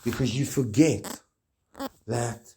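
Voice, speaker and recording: A man's voice: mid-range voice, slow pace, dark tone, a little hiss or hum. A man delivering a rambling, grandiose monologue, preachy and swearing often.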